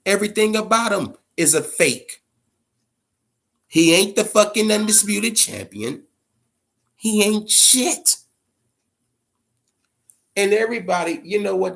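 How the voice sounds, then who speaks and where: A man hosting a boxing commentary vlog, ranting casually in a profane, blunt, animated way. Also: on the high side, vocal fry. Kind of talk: casual opinion rant.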